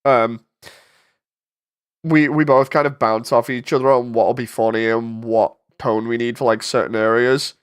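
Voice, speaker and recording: A man's voice: medium pitch, fairly even intonation, a little slow, clear, resonant tone. Congested man rambling while editing. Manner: rambling, thinking aloud, with frequent fillers. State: congested from a cold. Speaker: 3D animator and channel host. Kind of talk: casual chat while editing.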